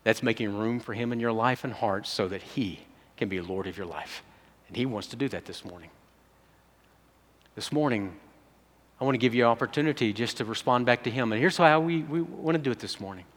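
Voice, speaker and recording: A male pastor gives a conversational sermon and puts direct questions to the congregation. His voice is mid-pitched and steady. A long reverb from the church hall trails his words. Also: fairly quick. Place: church sanctuary.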